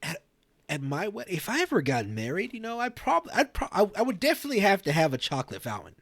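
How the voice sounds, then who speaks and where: A goofy talk show host, played by a man jokes his way through role-play banter. His voice sits a touch high and swings widely up and down as he stumbles over restarts. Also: huge pitch swings, fast, fairly bright tone, exaggerated voice. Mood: easygoing banter. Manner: joking, stammering restarts.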